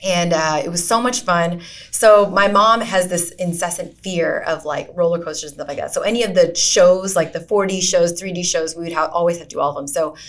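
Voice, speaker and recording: Lady podcast cohost telling a story, chatty and lively. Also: fairly low pitch, a little fast. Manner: animated anecdote telling. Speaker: podcast co-host. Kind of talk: casual podcast chat.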